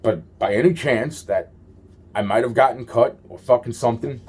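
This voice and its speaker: A man with a medium-pitched, slightly mellow voice goes through a rambling monologue, swearing constantly. He keeps trailing off with exasperated, repeated sighs of "wow".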